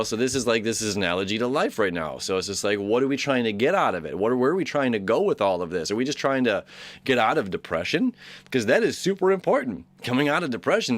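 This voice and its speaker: A man hosting a daily astrology talk, rambling and enthusiastic with lots of fillers and restarts. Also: medium pitch. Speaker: astrology channel host. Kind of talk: casual daily horoscope talk.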